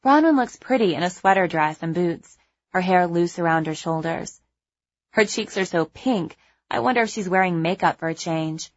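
A young adult woman narrating a first-person audiobook in a measured, wry, conversational way. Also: lowish voice, animated, muffled recording.

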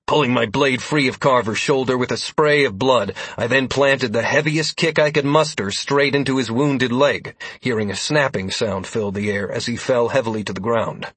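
Casting: husky male narrator, steady dramatic fantasy audiobook reading, close and dry. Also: mid-range voice, moderate pace, few pauses, no room sound.

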